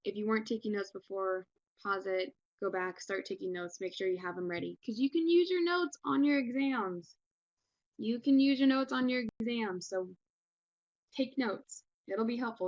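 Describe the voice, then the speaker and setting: A woman's voice: medium pitch, dry recording, highs cut off. Casual encouraging woman teacher. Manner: casual, encouraging, many fillers. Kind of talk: recorded online lesson.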